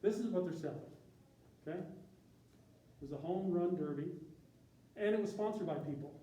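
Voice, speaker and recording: A man's voice: high-pitched, normal speed, mellow, dull audio. A man from Chicago, a university graphic artist, giving an informal, self-deprecating talk to a class. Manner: self-deprecating, joking, chatty with tangents. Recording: echoey room from a distance.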